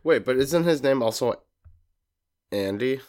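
A man's voice: medium pitch, animated, a little slow, a little mellow. A man co-hosting a podcast, chatting casually and cutting in with hesitant, jokey remarks. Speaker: podcast co-host. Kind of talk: casual chat.

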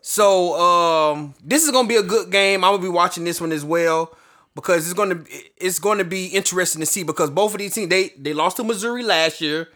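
Relaxed man talking football. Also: high-pitched, brisk. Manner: relaxed, rambling, with fillers and restarts. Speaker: sports show co-host. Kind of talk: casual sports talk.

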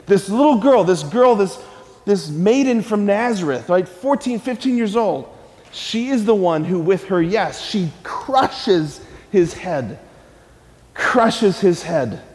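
A man with a high voice preaches an energetic sermon and keeps asking the listeners to shout answers back. His words ring out with a long reverb tail from a large church hall. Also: takes it slowly. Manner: energetic, calls on the audience to respond.

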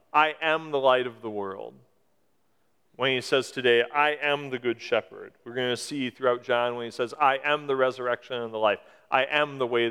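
A man in his forties preaches from a church, explaining his points in a conversational way and pushing up for emphasis. His voice is smooth and clear at a middle pitch. It rings with a long reverb through the hall. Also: a bit bright. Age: 40s. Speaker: pastor. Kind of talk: sermon.

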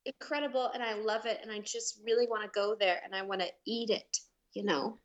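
A woman's voice: mid-range voice, fairly even intonation, a little fast, dull audio. A woman guest on a podcast, a violinist, chatting casually with laughs and fillers. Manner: bubbly, laughing, hesitant fillers. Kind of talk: casual chat.

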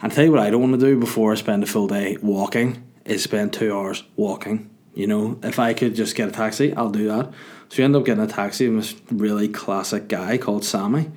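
Low-voiced man telling a rambling story. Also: steady tone, brisk, darkish tone. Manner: rambling, jokey, self-mocking. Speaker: vlogger. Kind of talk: casual storytelling.

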